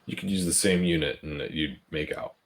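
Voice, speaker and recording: A man co-hosting a sports betting podcast, relaxed in casual chat, sharing stats and fun facts. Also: a bass voice, moderate pace. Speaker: podcast co-host.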